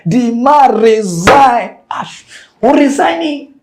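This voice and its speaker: A man with a Nigerian Pidgin English accent hosting a comic mock news show, animated and jokey, dropping to whispers and rising to shouts. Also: extremely high pitch, measured pace.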